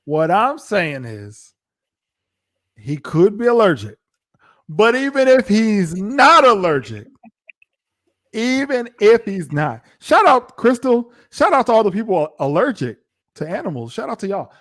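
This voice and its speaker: High-voiced American man spinning a story. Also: measured pace. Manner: animated storytelling, acts out quotes. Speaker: co-host of a reality TV review show. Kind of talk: casual live-stream chat.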